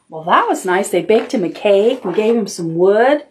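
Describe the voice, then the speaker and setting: Expressive woman reading to preschoolers. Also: mid-range voice, moderate pace, hardly any pauses. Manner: gentle and expressive, adds comments for children. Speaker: children's librarian. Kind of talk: reading a picture book aloud to preschoolers.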